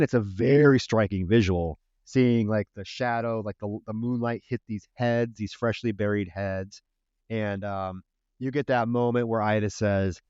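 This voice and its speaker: A man's voice: mid-range voice, darkish tone, clean tone, no room sound, highs cut off. A man co-hosting a podcast, casually retelling a film scene by scene, acting out lines and swearing freely. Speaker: podcast co-host. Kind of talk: casual movie review chat.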